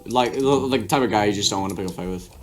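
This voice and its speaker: A man's voice: fairly low pitch, over music. Joking, swearing young man on a call. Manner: joking, swearing, quick reactions. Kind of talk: casual chat on a voice call.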